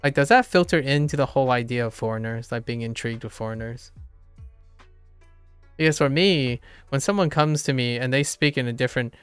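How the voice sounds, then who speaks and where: This is a young man with a slight Southern American accent, talking in a casual, rambling way. He laughs easily and drifts into musing, and his voice stays smooth and even. Faint music plays softly behind him. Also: medium pitch, brisk, dry recording. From Southern United States. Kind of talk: casual chat.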